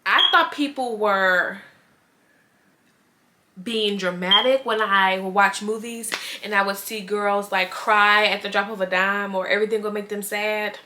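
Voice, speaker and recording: A young woman vlogger speaks to camera in a bright, clear-toned voice. Her talk is casual and earnest, full of heartfelt asides about her pregnancy. She sounds close to tears at moments. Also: mid-range voice, fairly even intonation, a little slow, a little hiss or hum. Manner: earnest, heartfelt, tearful at times.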